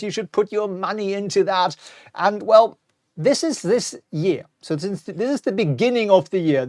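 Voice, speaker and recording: A man's voice: high-pitched, no room sound, clean studio sound. A middle-aged man hosting a live-streamed stock market talk, chatty and wry, reading out viewer comments as he goes. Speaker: host.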